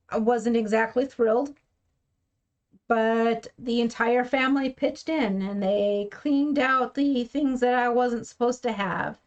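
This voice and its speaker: Slow, frank woman telling her story. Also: on the high side, muffled recording. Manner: frank and plainspoken, acts out quoted speech. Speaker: keto vlogger. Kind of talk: personal storytelling.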